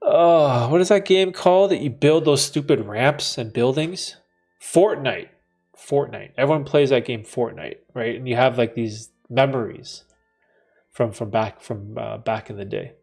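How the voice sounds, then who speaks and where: A young Canadian man hosts a livestream in an unhurried, mid-range voice with vocal fry and a darkish tone, while faint music plays behind. Laid-back and slangy, he laughs often and reads viewer comments aloud in casual chat.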